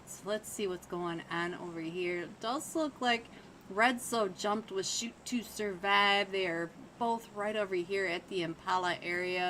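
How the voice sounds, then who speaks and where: A woman, a little hoarse, casting a live esports match in a chatty, playful way, laughing often and talking straight to her chat. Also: medium pitch, a bit bright, slight background noise. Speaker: esports caster and streamer. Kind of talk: live game commentary.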